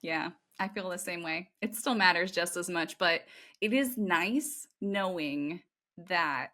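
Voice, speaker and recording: A woman from Ohio hosting a casual chat with a guest, talkative and quick to laugh. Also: lowish voice, sharp tone. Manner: chatty, laughs often. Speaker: host. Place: on the West Coast.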